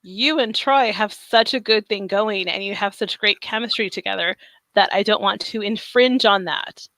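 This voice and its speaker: A woman's voice: medium pitch, normal speed, a bit bright, dry recording, poor audio. A woman guest in a casual chat, modest and laughing along with the hosts. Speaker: guest commentator.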